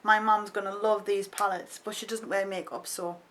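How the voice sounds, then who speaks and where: An excitable woman, unboxing makeup for her vlog. She chats straight to her viewers in a casual, gushing way. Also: medium pitch, normal speed, a little hiss or hum, poor audio. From North East England. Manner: excitable, chatty, talks to the viewer. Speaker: beauty vlogger.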